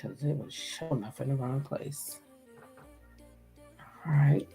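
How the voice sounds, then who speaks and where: A woman's voice: rumbling low, takes it slowly, mellow, soft background music. A woman hosting a casual livestream recap, chatting loosely, greeting viewers by name and cursing freely. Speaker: host.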